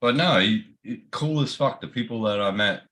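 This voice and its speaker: A man's voice: medium pitch, moderate pace, bright, forceful tone. A man chatting loosely on a livestream, swearing and laughing often. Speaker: guest on a livestream chat. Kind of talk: casual chat.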